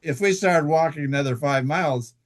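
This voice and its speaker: A man telling a long personal story as an interview guest, halting, with many fillers and restarts. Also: fairly high pitch. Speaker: guest author.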